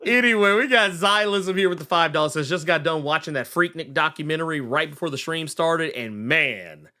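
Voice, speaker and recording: A man hosting a podcast, reading out viewer messages in relaxed casual banter. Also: on the high side, a little fast. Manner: relaxed, hesitant with fillers, reads viewer messages. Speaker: podcast host reading chat.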